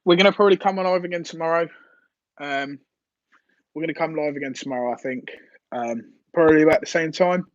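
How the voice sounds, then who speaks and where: A man's voice: a little high, brisk, no echo, highs cut off. Rambling man on a live stream. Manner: rambling, hesitant, with many fillers and restarts. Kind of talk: casual live-stream chat.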